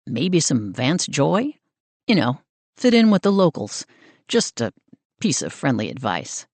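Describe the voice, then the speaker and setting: Woman putting on a smirking young surfer guy, low voice, lively teasing lilt, dry audiobook sound. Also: measured pace, dry recording, full character voice. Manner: playful, smirking banter.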